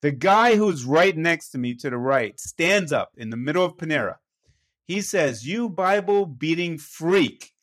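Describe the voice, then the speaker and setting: Pastor telling a story, voice pitched a bit high. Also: male voice, expressive, moderate pace, fairly bright tone. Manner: conversational, self-deprecating, keeps checking in with "right?".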